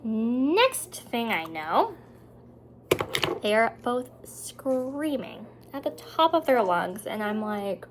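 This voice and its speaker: Chatty young mom, whispery asides. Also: female voice, a little high, big pitch swings, slow pace, slight background noise. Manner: chatty storytelling, dropping to whispers. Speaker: vlogger. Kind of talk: casual chat to camera. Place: home indoors.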